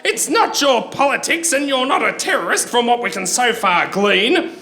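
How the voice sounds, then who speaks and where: A man's voice: very high-pitched, animated, normal speed, pushed and bright, echoey room, slight background noise, full character voice. An Australian man voicing a bullying male security interrogator who barks and scorns. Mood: scornful. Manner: barking, scornful.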